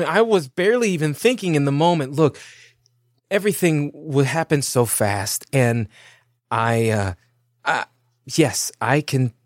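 A man's voice: fairly high pitch, no room sound, studio quality, pitched above the performer's own voice. A man voicing a flustered young male kid who stammers and trips over his words. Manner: stammering, nervous.

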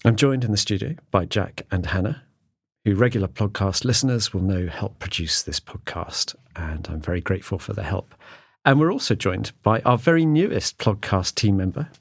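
Husky-voiced man hosting a podcast. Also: fairly low pitch, expressive, moderate pace, no echo. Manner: chatty, jokey, rambling with restarts. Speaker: podcast host. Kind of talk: casual chat. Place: studio.

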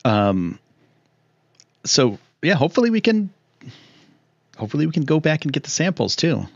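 A man hosting a casual live stream, excitable and rambling with lots of fillers while he reads chat. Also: a little high, normal speed, no room sound, lo-fi sound. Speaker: livestream host.

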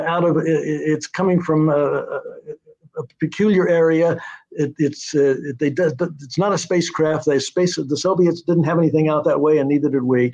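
An older man talks through his writing career in a loose, rambling way, with plenty of "uh"s and restarts. His voice sits a little high for a man. The recording is dull and lo-fi. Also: darkish tone. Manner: rambling, many fillers and restarts, taps out rhythms. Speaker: screenwriter and producer guest. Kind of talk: conversational interview storytelling. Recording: muffled lo-fi audio.

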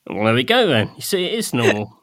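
A man's voice: medium pitch, sing-song, brisk, a bit bright, no room sound, clean studio sound. A man, co-hosting a podcast and joking about himself in casual chat. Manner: self-deprecating, jokey. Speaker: podcast co-host.

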